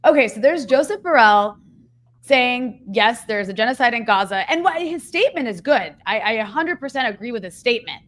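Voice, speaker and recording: A woman's voice: fairly high pitch, expressive, brisk, a bit bright. A woman hosting a live online interview, talking in a candid, conversational way and sharply critical. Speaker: show host.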